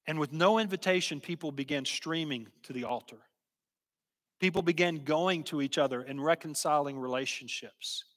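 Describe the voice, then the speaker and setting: A man preaching a sermon and telling a story, slow and emphatic, sometimes dropping to a hush. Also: a little high. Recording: long hall reverb.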